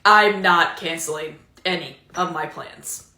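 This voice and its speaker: A woman's voice: on the low side, a little slow, pushed and bright. A woman playing a blunt, defiant female employee who refuses to cancel her time off in a comedy skit. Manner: blunt, defiant, matter-of-fact. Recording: echoey room.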